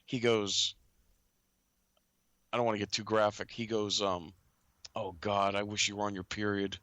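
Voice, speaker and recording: A man with a somewhat low, bright, forceful voice talks in a loose, rambling way, jumping between points and often trailing off. He sounds close and dry, like a casual talk-show host. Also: level tone, normal speed, no echo. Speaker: podcast host.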